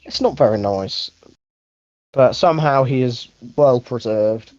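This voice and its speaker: A man's voice: mid-range voice, measured pace, a little mellow, no room sound. A young man chats through a film review in a loose, rambling way, often stopping to correct himself and dropping the odd swear word. His voice sits mid-range, and the recording is dull and lo-fi, with a very dry, close sound. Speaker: podcast host. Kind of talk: casual movie review chat.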